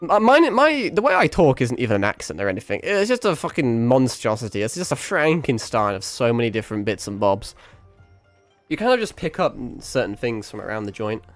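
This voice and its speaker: Playful British man, lively rambling stream talk. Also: medium pitch, a little fast, no room sound, faint music behind. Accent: British, with mixed American and South African hints. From Britain. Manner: playful, rambling, swears freely, laughs often. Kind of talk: casual game stream chat.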